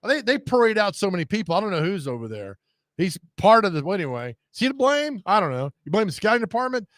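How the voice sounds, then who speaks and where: Male radio host, slightly high, rambling and jokey, dry booth. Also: very animated, fast, fairly bright tone, no echo. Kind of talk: casual sports radio chat.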